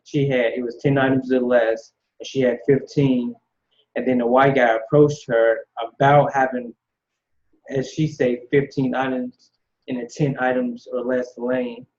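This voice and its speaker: A man's voice: medium pitch, level tone, unhurried, darkish tone. A man giving blunt, dismissive casual commentary, recorded with slightly dull lo-fi sound. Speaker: commentary host.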